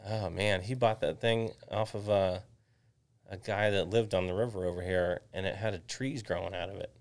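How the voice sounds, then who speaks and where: A man, a realtor guest, telling casual animated stories and swearing freely. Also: low-pitched, moderate pace. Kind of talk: casual storytelling chat.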